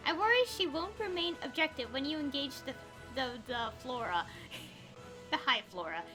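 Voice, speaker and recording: A woman streamer with a high, bouncy voice that leaps around as she reads game dialogue aloud. She talks casually, chatty and giggly, with asides between lines. Game music plays clearly behind her. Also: lively intonation, moderate pace.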